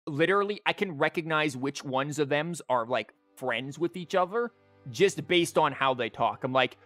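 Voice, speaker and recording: On a dry recording, a man with a slightly high, expressive, a bit bright voice talks at a moderate pace during a casual live-stream theorycrafting chat. The streamer and teacher thinks aloud, rambling with many "like"s and restarts over faint music.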